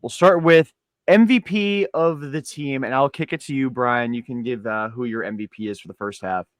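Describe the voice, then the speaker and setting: A man hosts a casual sports podcast in a halting, self-deprecating way. His voice sits in an average range and sounds dry and close. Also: medium pitch, no echo. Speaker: podcast host.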